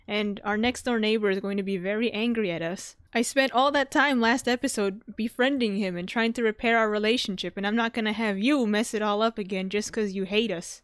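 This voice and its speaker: A woman hosting a gaming channel, giving casual gameplay commentary in an excitable, jumpy way and often breaking into laughter and squeals. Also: medium pitch, moderate pace, clear, resonant tone.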